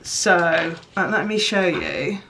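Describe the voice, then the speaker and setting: A woman chatting casually as she shows her homemade crafts, excitable and self-mocking. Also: lowish voice, slow, noisy background. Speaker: crafting vlogger. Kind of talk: casual craft chat to camera.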